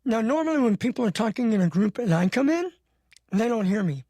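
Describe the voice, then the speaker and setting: A man with an unusual, high-sounding, slightly muffled speaking voice, telling stories in an animated way as a podcast guest. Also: fast, no echo. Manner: animated, acting out dialogue. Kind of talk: casual storytelling. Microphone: podcast studio mic.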